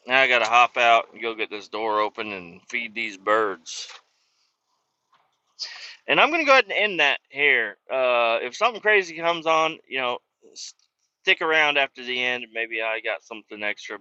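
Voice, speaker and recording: A man's voice: mid-range voice, expressive, moderate pace, sharp tone, dry recording, muffled recording. A man, a truck driver, casually telling stories on a vlog from inside his truck cab, chatty and profane.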